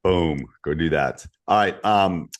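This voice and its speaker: Deep-voiced man coaching podcast host. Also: slow pace, no room sound, studio quality. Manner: relaxed, storytelling, drops to low asides. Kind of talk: casual podcast chat.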